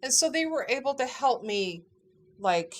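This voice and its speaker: A woman's voice: high-pitched, measured pace. Chatty woman telling family stories. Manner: chatty, animated, laughs often. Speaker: family member recounting a parent's final weeks. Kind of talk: casual family storytelling.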